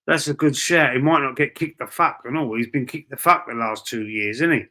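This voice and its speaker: A Cockney man from the East End chats his way through a live stream, reading messages from viewers. He talks loosely and swears often, calling everyone bro and mate. His voice sits at an ordinary, middle pitch. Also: fairly quick, sharp tone. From East London, England. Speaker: livestream host reading chat. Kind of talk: casual live-stream chat.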